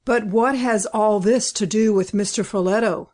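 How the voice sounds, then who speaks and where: A woman reading the part of a stern, impatient male country gentleman in a storybook, speaking brusquely and emphatically. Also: medium pitch, unhurried, natural voice.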